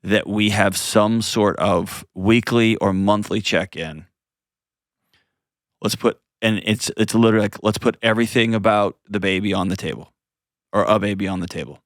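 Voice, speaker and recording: A man with a lowish voice hosts an advice call-in show, coaching a caller earnestly and gently. He often restarts sentences as he thinks aloud. The studio sound is dry and close. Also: steady tone, moderate pace, no room sound. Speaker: host.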